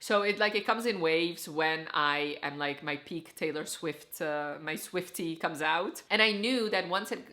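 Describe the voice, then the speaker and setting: A woman's voice: sits low, unhurried, hardly any pauses, bright, forceful tone. A woman chatting casually as a book reviewer, talking through her reading plans and thoughts with lots of "like" and "so" fillers. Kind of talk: casual book vlog chat.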